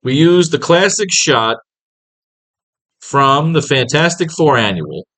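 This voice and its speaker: A man's voice: fairly high pitch, very animated, slow pace, fairly bright tone. A man teaching comic writing in a casual, rambling and profane way, acting out scenes as he plans pages.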